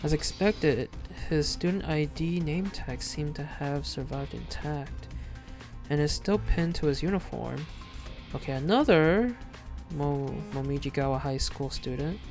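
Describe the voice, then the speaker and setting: A live game streamer reads in-game text aloud and muses over it. The voice has a gravelly, creaky edge and sits at a middling pitch. Soft game music plays faintly underneath. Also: takes it slowly. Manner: thinks out loud while reading in-game text aloud. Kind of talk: live gameplay commentary.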